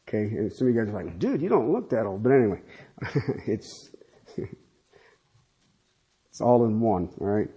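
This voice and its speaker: A pastor in his fifties preaching a sermon in a lively, conversational way, with casual asides to the congregation. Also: mid-range voice, husky.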